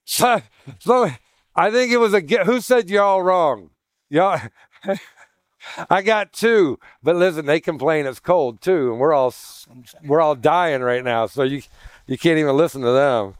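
Chatty pastor teaching with jokes. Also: male voice, fairly high pitch, expressive, unhurried, no echo, studio quality. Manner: chatty, jokey asides, asks the room questions. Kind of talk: teaching sermon with congregation banter.

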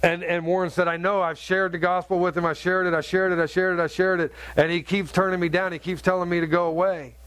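A middle-aged man preaching a sermon, telling a story in an earnest, halting way with many restarts. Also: high-pitched, little pitch movement, fairly bright tone, clean tone, no echo. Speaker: pastor.

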